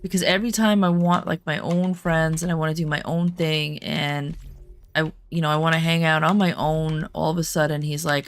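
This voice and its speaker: A woman's voice: low-pitched, fairly even intonation, moderate pace. A woman gamer chatting casually while she plays, rambling through stories and murmuring to herself. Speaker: gaming streamer. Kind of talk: casual chat while gaming.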